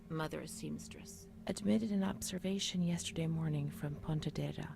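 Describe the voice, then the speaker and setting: A whispering haunted girl, gravelly. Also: deep voice, background noise. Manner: hushed, unsettled murmuring. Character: haunted young woman recalling asylum records. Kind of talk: whispered role-play.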